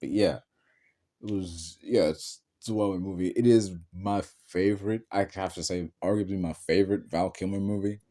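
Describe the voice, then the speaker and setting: Guy rambling about movies, lowish mellow voice, lots of likes and ums. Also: steady tone, moderate pace. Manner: rambling, many fillers and restarts. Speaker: podcast host. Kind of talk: casual film talk.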